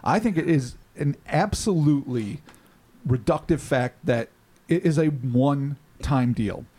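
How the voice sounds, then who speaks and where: A man co-hosting a podcast who calmly lays out his views in casual chat. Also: mid-range voice. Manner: measured, explains his views. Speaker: podcast co-host, cryptozoologist.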